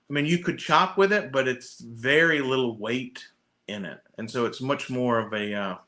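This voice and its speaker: A man's voice: mid-range voice, sharp tone, a little hiss or hum. A man hosting a podcast, telling a long rambling story in casual chat with lots of swearing. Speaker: podcast host.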